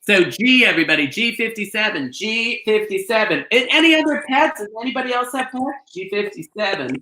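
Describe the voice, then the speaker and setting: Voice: mid-range voice, expressive, a little fast, sharp tone. A bingo host on a live stream from a trailer, chatty and gushing, rambling with lots of fillers. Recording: echoey room, faint noise.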